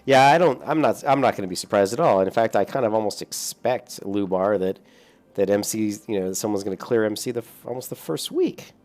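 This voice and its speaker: A man's voice: lowish voice, a little mellow. A young adult man streaming a game, chatting casually with viewers, rambling and swearing lightly between chuckles. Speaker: gaming streamer. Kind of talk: casual gameplay chat with viewers.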